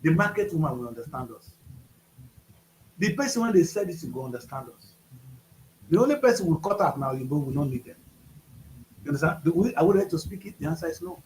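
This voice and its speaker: A man's voice: fairly high pitch, lively intonation, fast talker, long pauses, a little mellow, echoey room, a little hiss or hum, low-quality recording. A man with a Nigerian accent co-hosting a casual panel chat, talking emphatically and rising to outbursts. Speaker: co-host.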